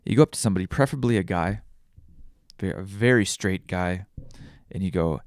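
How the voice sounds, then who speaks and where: Man, deep voice, rambling, dry recording, podcast host. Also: fairly quick, a little mellow, no echo. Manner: rambling, self-deprecating, crude jokes. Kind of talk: casual solo podcast monologue.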